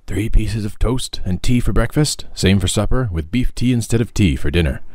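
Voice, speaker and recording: A man's voice: on the low side, expressive, normal speed, a little mellow, no room sound, studio quality, pitched above the performer's own voice. A man voicing a grave, stern doctor in a storybook reading, giving firm orders. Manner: firm, matter-of-fact orders. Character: stern, grave old-fashioned male doctor.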